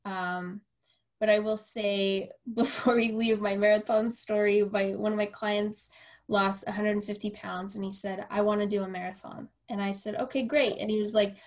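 Animated woman host telling a story. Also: mid-range voice, normal speed. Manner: animated, acts out quoted dialogue, frequent fillers. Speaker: podcast host and personal trainer. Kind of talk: casual storytelling conversation.

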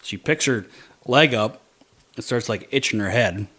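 A man telling a hunting story in casual chat, animated, dropping to low mutters to quote his own thoughts. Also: a little slow.

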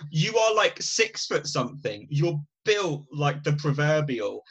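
A man's voice: on the high side, very animated, unhurried, a bit bright, husky, poor audio. A man co-hosting a podcast, talking enthusiastically about films with many restarts. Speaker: podcast co-host. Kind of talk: casual film chat.

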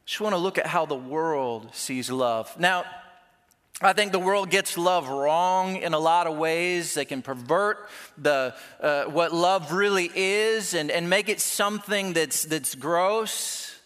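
Pastor preaching, man, unhurried delivery, reverberant church hall, chatty and self-mocking. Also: on the high side, fairly bright tone. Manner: conversational, self-deprecating, with playful quoted asides. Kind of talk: sermon.

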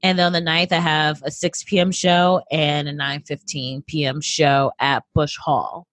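A woman's voice: low voice, unhurried, no echo. A woman in her thirties, a comedian guest, talking casually and animatedly with plenty of fillers. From United States. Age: 30s. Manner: animated, upbeat, lots of fillers. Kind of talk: casual interview chat.

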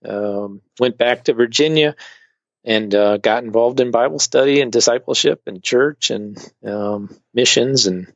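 A middle-aged man shares a personal story in a relaxed, rambling way, stumbling through fillers and restarts. The sound is dry and a bit dull. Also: mid-range voice, unhurried, creaky, no room sound. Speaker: guest. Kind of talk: conversational testimony.

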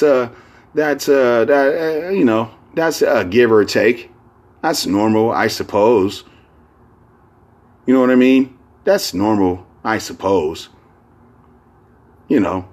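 A man's voice: lowish voice, unhurried. A man hosting a casual solo podcast, talking in a rambling, profane way full of fillers and restarts. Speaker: podcast host.

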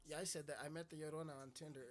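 A man's voice: a little high, flat delivery, racing, soft background music. A man hosting his own podcast, rambling and joking with lots of swearing. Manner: rambling, profane, jokey. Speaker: podcast host. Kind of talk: casual solo podcast chat.

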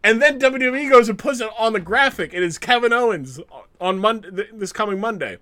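A man's voice: sits high, brisk. A man co-hosting a casual podcast chat, telling stories with lots of energy and acting out the people he quotes. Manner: animated storyteller acting out quotes. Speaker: podcast co-host.

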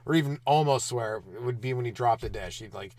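A young man hosting his own comedy podcast, riffing and ranting alone with lots of swearing and quick mocking asides. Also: medium pitch, darkish tone, no echo. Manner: profane, riffing, mocking voices mid-rant. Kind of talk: rambling solo comedy podcast.

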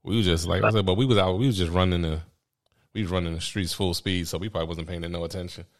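Low-voiced laid-back New man. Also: steady tone, fast. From New York. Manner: laid-back, slangy, laughs easily. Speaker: podcast host. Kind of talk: casual chat.

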